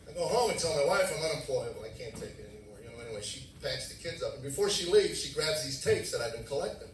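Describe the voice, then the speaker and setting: A fast-talking man with a mid-range voice gives a testimony sermon in a church sanctuary, animatedly telling his story and acting out dialogue with sudden loud outbursts. The mic sits at a distance in the echoey room, and a little hiss or hum can be heard.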